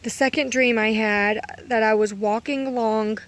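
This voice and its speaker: A woman's voice: on the high side, steady tone, moderate pace. Rambling woman recounting dreams. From Kentucky. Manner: rambling, self-correcting, full of "um" and "like". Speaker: vlogger. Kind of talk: casual storytelling of dreams.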